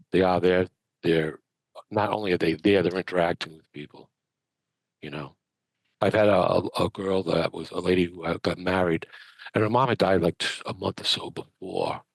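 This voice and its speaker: Lively low-voiced man storyteller. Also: creaky, slightly rough, dry recording. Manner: animated, chatty anecdote-telling with many restarts. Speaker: medium, guest. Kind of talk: conversational storytelling.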